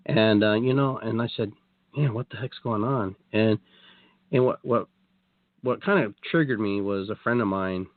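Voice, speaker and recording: A man's voice: on the low side, moderate pace, no room sound. Rambling man on a tinny line. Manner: rambling, many restarts and quoted asides. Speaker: guest. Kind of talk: casual storytelling on a radio talk show. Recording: tinny phone-like line, dry.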